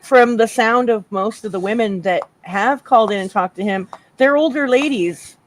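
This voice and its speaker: A woman's voice: fairly high pitch, moderate pace. A woman hosting a casual livestream chat, talking emphatically with a lot of swearing and laughter. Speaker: host.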